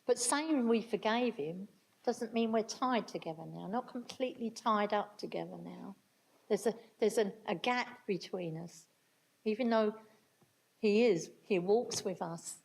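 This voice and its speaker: Older woman, mid-pitched, earnest and reflective, sharing her story with a room. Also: measured pace, vocal fry, a little mellow, breathy edge, poor audio. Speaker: speaker at a talk on restorative justice. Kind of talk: storytelling talk to an audience.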